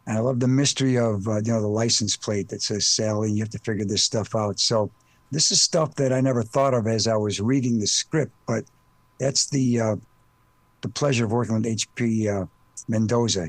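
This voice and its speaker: An older man with a Chicago accent, an actor guest, speaking haltingly in an interview and pausing with many uh sounds as he searches for words. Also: fairly low pitch, steady tone, no echo. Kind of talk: casual interview chat.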